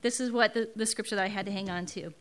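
A woman's voice: mid-range voice, fairly even intonation, fast talker. A middle-aged woman giving an earnest, emotional testimony at a church service, often repeating words for emphasis. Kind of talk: personal testimony in a sermon.

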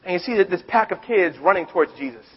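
A man preaching a sermon in a conversational, animated storytelling way, stumbling and restarting often. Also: sits high, fast talker, husky. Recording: dull recording with long hall reverb.

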